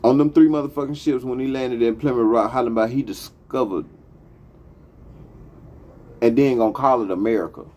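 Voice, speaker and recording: A man's voice: medium pitch, fairly quick, pauses often, darkish tone. A man hosting a talk show, delivering a profane, impassioned monologue. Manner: profane, heated, emphatic. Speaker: podcast host.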